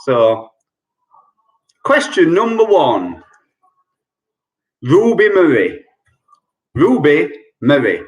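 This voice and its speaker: Very slow and full of long pauses, this quiz host's fairly high voice swoops wildly in pitch. He's a man running an online quiz from home in lockdown over video call, repeating each clue several times and explaining answers in a chatty, jokey way.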